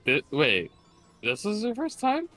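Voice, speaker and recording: A man's voice: sits high, huge pitch swings, unhurried, pushed and bright, dry recording, soft background music. A young man co-hosting a game video, teasing his friend and laughing often. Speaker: co-host. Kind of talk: casual gameplay chat.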